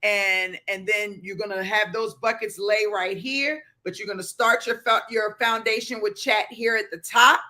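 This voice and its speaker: A man with a Baltimore accent hosting a motivational livestream, reading viewer comments aloud and breaking into fervent shouts. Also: high voice, fairly even intonation, moderate pace, few pauses. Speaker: livestream host.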